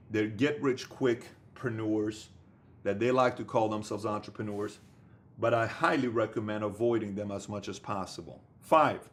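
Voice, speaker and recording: A man giving an emphatic motivational business talk, repeating his points and acting out imagined conversations. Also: mid-range voice. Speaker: motivational speaker.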